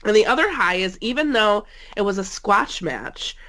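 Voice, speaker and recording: Co-hosting a casual wrestling podcast over a remote call mic, a woman speaks at normal speed in a mid-range voice that's animated, pushed, and bright. A cold leaves her nasal and congested, and she teases and laughs often.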